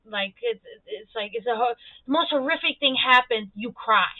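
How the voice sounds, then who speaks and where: A woman streamer rants in a casual, profane, animated way. Her voice sits a little high and sounds close and dry. The audio is thin and phone-like. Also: normal speed, no room sound. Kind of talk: casual opinionated monologue.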